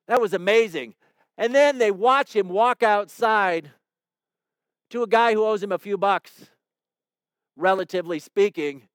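A man's voice: sits high, smooth, dry recording, clean studio sound. A man preaching a sermon in a conversational way, retelling a parable and acting out its quoted lines. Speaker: pastor.

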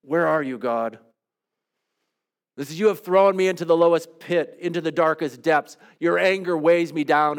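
A man leading a devotional, praying aloud in an earnest, pleading way with soft, hushed trailing endings, then teaching calmly. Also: a little high. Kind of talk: reflective spoken prayer and teaching.

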